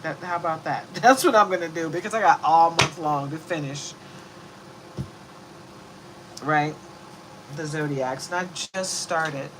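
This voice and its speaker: A woman's voice: deep voice, moderate pace, background noise. A woman giving a casual, rambling zodiac reading who laughs easily. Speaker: tarot reader.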